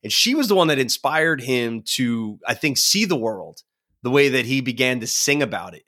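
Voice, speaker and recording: A man guesting on a music podcast, talking in an animated, rambling way full of "like" and bursts of laughter. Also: medium pitch, moderate pace. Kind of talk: casual music podcast chat.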